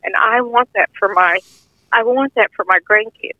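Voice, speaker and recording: A woman's voice: a little high, normal speed, dry recording. Older woman telling testimony over the phone. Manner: earnest, heartfelt, informal grammar. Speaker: guest sharing a testimony. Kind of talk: personal testimony storytelling. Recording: tinny phone-line audio, dry.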